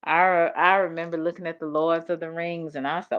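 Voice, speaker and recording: A woman's voice: low voice, level tone, fairly quick. A sleepy woman with a Southern accent, chatting late at night on a livestream and answering comments with a lazy drawl and frequent laughs. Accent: Southern US, Dallas. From Tennessee. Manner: drowsy, drawling, laughs often. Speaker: livestream host. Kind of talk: late-night casual chat reading comments. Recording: dull lo-fi stream audio.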